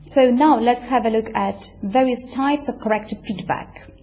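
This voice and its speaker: A woman's voice: on the high side, moderate pace, dark tone. A woman giving a university lecture, explaining step by step with many fillers and checking in with "right?". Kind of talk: recorded lecture.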